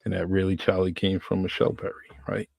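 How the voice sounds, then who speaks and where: A man's voice: low-pitched, completely flat delivery, quick pace, vocal fry, a little mellow, no room sound. A man with a New England accent hosting his podcast in a casual, rambling solo chat, repeating himself as he goes. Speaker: podcast host.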